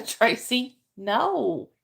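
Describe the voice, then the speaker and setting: Speaking very slowly in a sing-song way, this middle-aged woman has a fairly high, fairly bright voice with vocal fry. She runs a casual livestream, chatting with viewers, greeting them by name and answering questions from the chat.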